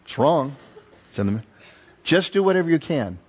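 A man preaching a sermon as pastor, telling stories with lively emphasis and repeated phrases. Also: on the high side, moderate pace, breathy edge. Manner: animated storytelling with emphatic repetition.

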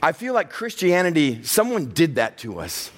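A man's voice: on the high side, huge pitch swings, moderate pace, a bit bright. A middle-aged man preaching a sermon, telling a personal story and acting out the voices of the people in it. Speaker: pastor.

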